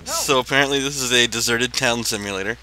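A man's voice: mid-range voice, quick pace, pushed and bright, a little hiss or hum. A man hosting a let's play, giving dry, sarcastic, swear-filled commentary on a horror game into a gaming mic. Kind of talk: casual gameplay commentary.

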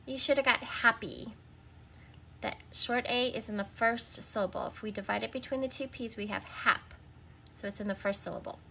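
A woman's voice: fairly high pitch, brisk, gravelly, sharp tone, slight background noise. A woman teaching a recorded reading lesson to young children, sounding out words, spelling them letter by letter and patiently prompting answers.

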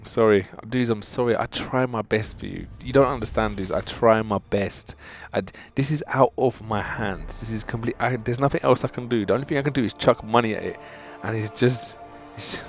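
A man hosting a gaming channel, commenting on opening game crystals, excitable and exasperated, pleading with the game and calling his viewers dudes. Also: on the low side, moderate pace, faint music behind. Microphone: desktop mic.

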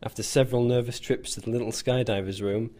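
A man's voice: mid-range voice, steady tone, fast talker, dark tone. A man narrating a scripted first-person story in a dry, self-mocking way. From England. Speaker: volunteer soldier.

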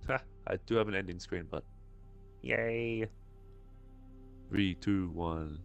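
A man's voice: low-pitched, normal speed, faint music behind. A man streaming a shooter game, chatting to himself and his viewers in a casual, running commentary. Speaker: gaming streamer. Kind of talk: live gameplay commentary.

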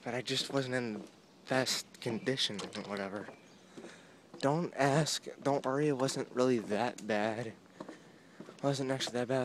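A man's voice: fairly low pitch, a little slow. Rambling young man vlogging on a walk. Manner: rambling, self-mocking, chatty. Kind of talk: casual walking vlog. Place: outdoor boardwalk. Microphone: phone held at arm's length. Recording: outdoor phone audio with steady noise.

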